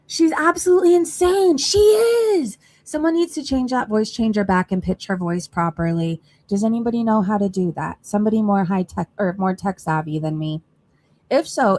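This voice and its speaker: A woman's voice: medium pitch, a little mellow. A woman hosting a casual reaction livestream, chatting gossipy and direct to her viewers from her computer mic. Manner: chatty, gossipy, talks straight to chat.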